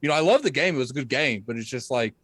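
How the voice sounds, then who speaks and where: A man chats quickly on a gaming podcast. He talks in a loose way, full of fillers and asides. His voice is dry and close. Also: medium pitch, expressive, fairly bright tone, no echo. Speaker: podcast co-host. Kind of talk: casual chat.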